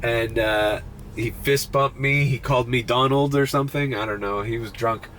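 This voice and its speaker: A man's voice: medium pitch, fairly even intonation, normal speed, a bit bright. A young man, congested and sniffly, chatting casually and swearing a lot while driving at night for a rideshare vlog. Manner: laid-back, swears often, says bro. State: congested, runny nose. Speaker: rideshare driver vlogger. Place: inside a car at night. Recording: faint road and car noise.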